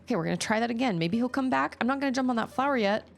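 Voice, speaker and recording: A woman streaming a game, chatting casually and reacting with quick exclamations as she plays. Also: on the high side, vocal fry. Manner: chatty, animated, quick exclamations and laughs while playing. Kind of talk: casual live-stream chat while gaming. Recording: faint game music behind.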